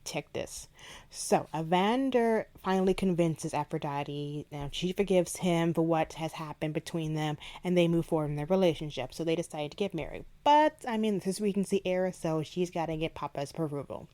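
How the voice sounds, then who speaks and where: A woman hosting a book podcast, retelling a favorite scene in an animated, chatty way. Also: low-pitched, a little fast, hardly any pauses. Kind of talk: casual book review chat.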